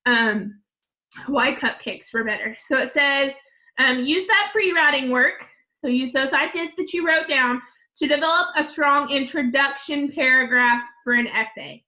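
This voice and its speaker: High-voiced teacher, patient and repetitive. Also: female voice, lo-fi sound. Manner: patient, repeats steps slowly for children. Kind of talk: remote class instructions.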